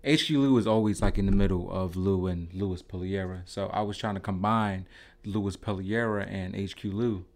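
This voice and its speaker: A man's voice: sits low, normal speed, a little mellow. A young man, a guest talking hesitantly in a casual conversation. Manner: hesitant, many fillers and restarts.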